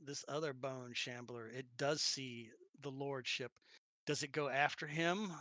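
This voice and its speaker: Bright, lively male game master. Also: medium pitch, unhurried, no echo. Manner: animated, laughs often, acts out sounds. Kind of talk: narrating a tabletop game.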